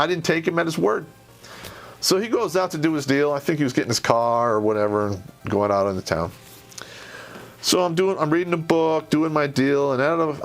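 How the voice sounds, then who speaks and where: A man's voice: fairly high pitch, fairly bright tone. A middle-aged American man telling old army stories in a casual monologue, blunt and profane, rambling with frequent restarts.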